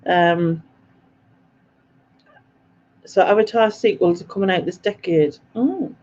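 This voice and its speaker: A woman's voice: fairly low pitch, takes it slowly, darkish tone, muffled recording. A woman hosting a live quiz stream, chatty and self-mocking, laughing often as she reads out viewer comments. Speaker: quiz host.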